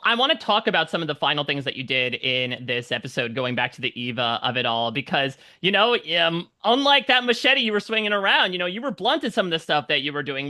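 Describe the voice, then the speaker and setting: A man interviewing a guest, asking articulate, measured questions. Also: on the high side, bright, forceful tone.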